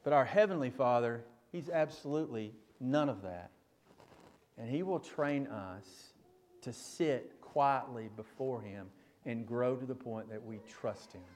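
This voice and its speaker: A male pastor preaching a sermon, speaking directly to the congregation and building from quiet teaching to loud, emphatic preaching. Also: mid-range voice, unhurried.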